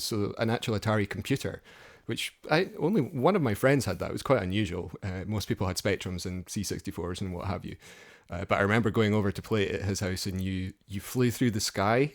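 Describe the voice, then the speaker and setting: A man co-hosting a gaming podcast, chatting casually and telling rambling nostalgic stories with chuckles. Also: on the low side. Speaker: podcast co-host. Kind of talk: casual chat.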